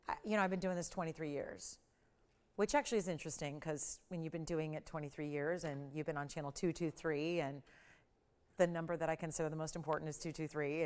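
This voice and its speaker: A middle-aged shopping channel host sells jewelry on live TV, chatting enthusiastically and playfully building up the prices. She has a low, clear, resonant voice.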